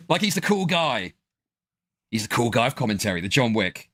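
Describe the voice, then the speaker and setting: Brief: rambling male streamer, bright and animated. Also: medium pitch, a little fast. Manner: rambling, hedging, says "bro" and "dude". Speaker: streamer commentator. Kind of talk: casual stream commentary.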